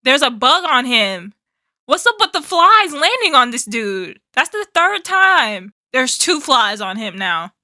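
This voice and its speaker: A woman's voice: high-pitched, very animated, unhurried, bright, forceful tone, no room sound, studio quality. A young woman hosting a movie reaction, emotional and exclaiming, often repeating herself. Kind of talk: casual movie reaction commentary.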